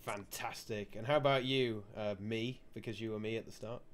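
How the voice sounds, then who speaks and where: A man's voice: lowish voice, fairly even intonation, moderate pace. A man hosting a casual gaming chat show, who laughs often and rambles through restarts. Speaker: host.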